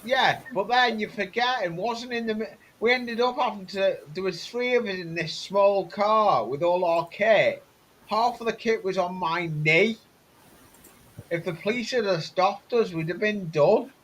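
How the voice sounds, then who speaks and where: A man's voice: high-pitched, measured pace, fairly bright tone, a little hiss or hum. A man, a live streamer telling rambling stories in casual chat. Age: 40s. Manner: rambling storyteller.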